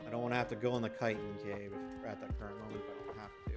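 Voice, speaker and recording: A man's voice: fairly low pitch, level tone, rapid-fire, over loud music. A man streaming a video game, telling a story in casual, rambling chat with frequent swearing and restarts. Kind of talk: casual chat while gaming.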